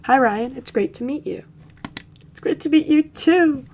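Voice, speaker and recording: A woman's voice: steady tone, moderate pace. A woman voicing a cheery young female newcomer in a game, with a chirpy, upbeat delivery. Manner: chirpy, upbeat, high and bright.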